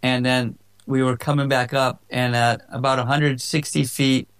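A man telling his own dramatic surfing and diving stories in an animated interview, with lots of "like" and acted-out quotes. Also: mid-range voice, moderate pace, clean tone. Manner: excited, full of likes and quoted voices. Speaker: surfer telling his story.

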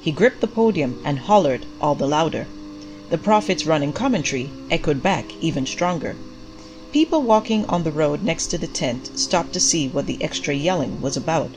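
Low-voiced woman narrating a story. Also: expressive, normal speed, over music, poor audio.

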